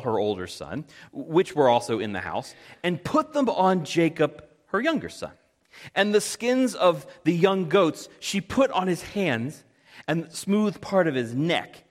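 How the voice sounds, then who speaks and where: A man retelling a Bible story with casual asides and fillers, as a preacher. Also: mid-range voice. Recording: long reverb hall.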